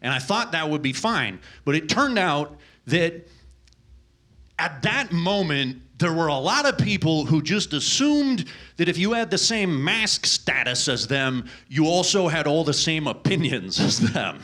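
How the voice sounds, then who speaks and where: A male stand-up comic rants with exasperated, profane energy on a comedy club stage. His voice sits high and sounds bright and ringing. The sound comes through a handheld stage microphone. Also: very animated, a little slow.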